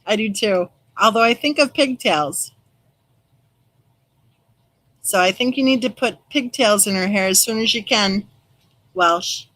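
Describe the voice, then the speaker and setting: A middle-aged woman chats on a casual true crime live stream, reading viewer comments out loud and warmly naming each person she replies to. Her medium-pitched voice moves at normal speed, and the rough recording carries no room sound.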